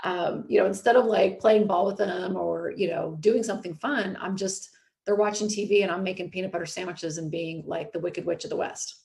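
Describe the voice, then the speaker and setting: A woman's voice: fairly low pitch, a little fast, vocal fry, a little mellow, roomy sound. A woman in her thirties, host and coach, talking casually and filling her speech with "like" and "you know". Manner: chatty, frequent "like" and "you know". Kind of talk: casual podcast talk.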